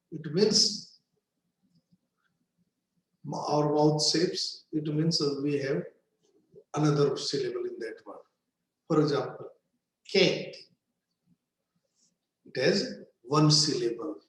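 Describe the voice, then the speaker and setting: A man giving a slow, deliberate lecture on English literature, repeating words to stress their syllables. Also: fairly high pitch. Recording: very echoey room.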